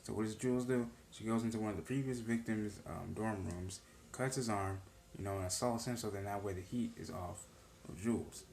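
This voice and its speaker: A man's voice: fairly low pitch, brisk, gravelly, a little mellow, reverberant, a little hiss or hum. A man recapping and reacting to a TV episode in a casual, earnest vlog, rambling with many "you know" fillers. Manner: earnest, emotionally charged. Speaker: TV show reaction vlogger.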